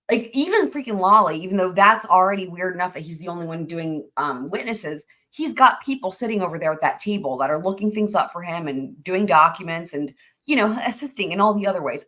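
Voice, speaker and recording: A woman's voice: fairly low pitch, lively intonation, fairly quick, fairly bright tone. Chatty young woman. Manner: chatty, gushing, full of fillers and restarts. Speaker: trial recap host. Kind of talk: casual storytelling to viewers.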